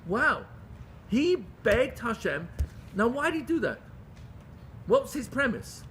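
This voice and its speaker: A man's voice: very high voice, very animated, unhurried, fairly bright tone, slight background noise. A man teaching a Torah class in English, speaking with pleading intensity, restarting phrases often and mixing in Hebrew terms. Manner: impassioned, pleading, with frequent restarts.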